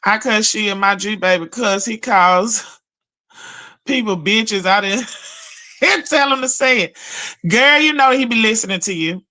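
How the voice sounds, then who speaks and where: A woman's voice: medium pitch, unhurried, pauses often. A woman hosting a casual livestream, telling stories, cussing freely and greeting viewers in chat. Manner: profane, animated storytelling with chat shout-outs. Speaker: livestream host.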